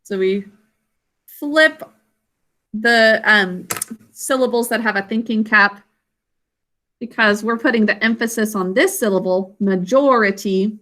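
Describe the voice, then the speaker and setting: A woman's voice: a little high, unhurried, long pauses, sharp tone. A woman teacher giving a spelling lesson, explaining patiently step by step and encouraging her students. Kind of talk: classroom instruction.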